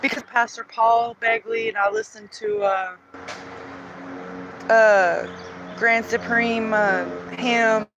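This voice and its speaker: A woman's voice: fairly high pitch, fairly even intonation, takes it slowly, pauses often, lo-fi sound, music in the background. A woman talking earnestly and emotionally in a rambling personal monologue, pleading at times. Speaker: vlogger sharing religious visions.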